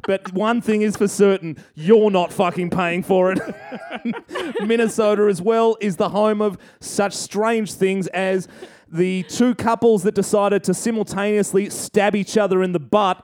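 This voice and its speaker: A high-pitched man co-hosts a comedy podcast. He rants in a crude, mocking way and drives every bit toward a punchline. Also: a little mellow. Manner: profane, mocking, builds to punchlines. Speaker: co-host.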